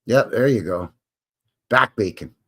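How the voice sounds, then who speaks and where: A man's voice: fairly low pitch, animated, measured pace, pushed and bright. A middle-aged man, hosting a live stream and reading viewer questions in a chatty, jokey, rambling way. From Canada. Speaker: host.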